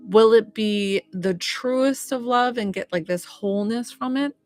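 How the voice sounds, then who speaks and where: A woman's voice: on the high side, unhurried, darkish tone, dry recording, clean studio sound, soft background music. A woman working as a psychic medium, chatting through a live reading with many "like" fillers.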